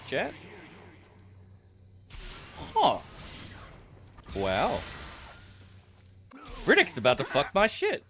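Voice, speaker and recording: A man's voice: fairly high pitch, wildly swooping pitch, extremely slow, long pauses, fairly bright tone, slight background noise. A man streaming a game, chatting casually to his chat with a profane, joking manner. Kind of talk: casual gameplay commentary.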